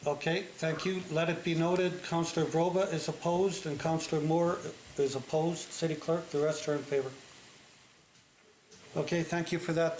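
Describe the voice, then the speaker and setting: A man chairing a city council meeting, brisk and with dry teasing asides, recorded in a council chamber. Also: fairly high pitch, echoey room, a little hiss or hum, poor audio.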